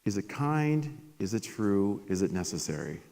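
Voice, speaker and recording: A man giving a motivational keynote at a conference, energetic and animated as he tells stories to the audience. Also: on the low side, moderate pace. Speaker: keynote speaker. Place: large conference hall. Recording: long hall reverb.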